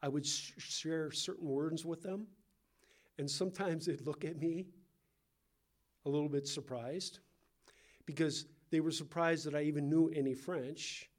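A man with a Californian accent, teaching a Bible passage in a relaxed, conversational sermon with asides and questions to the listeners. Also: on the high side, unhurried, pauses often. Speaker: pastor.

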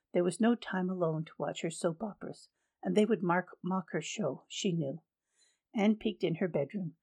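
Husky woman reading a story aloud. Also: lowish voice, warm tone. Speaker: narrator.

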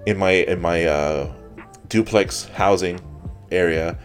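Low-voiced man telling a profane story. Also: takes it slowly, soft background music. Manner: profane, rambling anecdote with acted-out quotes. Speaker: podcast co-host. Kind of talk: casual storytelling.

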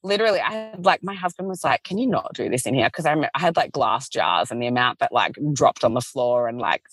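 With a bass voice and a breathy edge, a woman in her thirties from Australia speaks quickly over soft background music, no room sound. She runs a small business and is chatting casually as a podcast guest, animatedly acting out quotes and often laughing.

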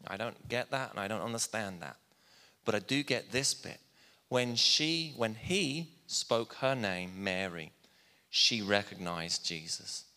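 Man, preaching, plainspoken storyteller, bright tone, long hall reverb. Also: lowish voice, lively intonation, a little slow. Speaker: pastor. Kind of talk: sermon.

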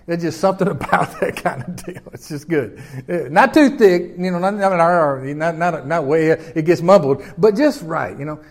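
A man's voice: fairly high pitch, normal speed. An older man with a Southern US accent, from Memphis, preaching a sermon in a folksy, conversational way full of rhetorical questions. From Memphis, Tennessee. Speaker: pastor.

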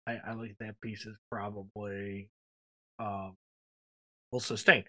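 A man's voice: fairly low pitch, level tone, measured pace, sharp tone. A man co-hosting a casual podcast chat, rambling enthusiastically with lots of fillers. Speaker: podcast co-host.

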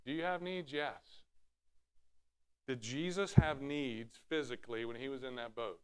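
A man's voice: medium pitch, measured pace, clean tone. A man preaching a sermon, teaching from scripture with rhetorical questions and acting out Bible scenes in raised voices. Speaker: pastor.

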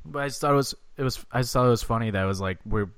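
A man's voice: mid-range voice, very fast, fairly bright tone, clean tone, no echo, clean studio sound. Young man rambling in casual podcast chat. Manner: loose, profane, lots of "like" fillers. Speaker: podcast co-host.

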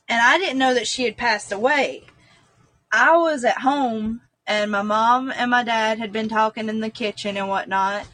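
A woman, a guest, tells a personal story in an earnest, meandering way, leaning on "like" as she goes. Her voice sits somewhat high. The sound is dry and close, with no room around it. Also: a bit bright, no room sound. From North Carolina, US. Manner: earnest, rambling with frequent "like".

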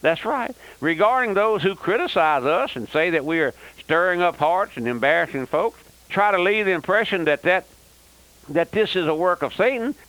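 A man's voice: high voice, a bit bright, poor audio. An older man preaching a fiery, emphatic radio sermon and repeating "that's right.". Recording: old radio broadcast.

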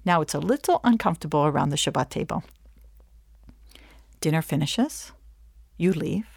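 A woman Jewish educator giving a lively lesson, acting out scenes as she tells stories. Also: low voice, normal speed, vocal fry, breathy edge, dry recording. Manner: animated storyteller acting out scenes. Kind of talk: lively teaching talk.

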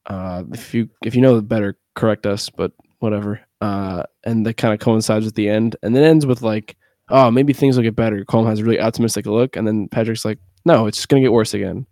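A man co-hosting a podcast, chatting casually about a film and retelling its scenes through quick quoted snippets full of "like". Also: on the low side, fairly even intonation, a little mellow, no room sound, clean studio sound. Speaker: podcast co-host. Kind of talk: casual movie discussion.

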